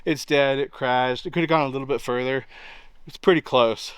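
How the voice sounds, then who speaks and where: A man who saw a hunt retells it on location in the woods, casual and rambling, full of "like" and gestures toward spots "right here." He speaks at normal speed in a medium-pitched, steady, clean voice. There's no room sound, though the recording is rough.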